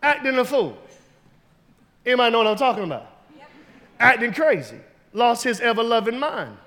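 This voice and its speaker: High-voiced man preaching a sermon. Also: sing-song, normal speed, big-room sound. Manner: storytelling preacher, builds to loud emphatic shouts. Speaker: pastor.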